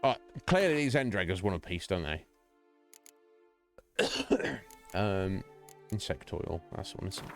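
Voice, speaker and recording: Low-voiced male streamer thinking aloud. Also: very animated, a little slow, long pauses, a bit bright, faint music behind. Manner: rambling, thinking aloud while playing. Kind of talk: casual let's-play commentary.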